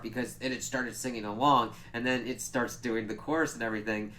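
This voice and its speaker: A man giving a casual spoiler review, excitable and profane, with many filler words. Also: medium pitch, fairly quick, slight background noise. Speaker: TV episode reviewer.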